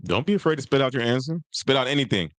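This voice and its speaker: Host, male, casual storyteller, average pitch, dry close mic. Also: quick pace, dry recording. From Nigeria and the US. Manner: animated storyteller, acts out quotes. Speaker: podcast host. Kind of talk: casual chat.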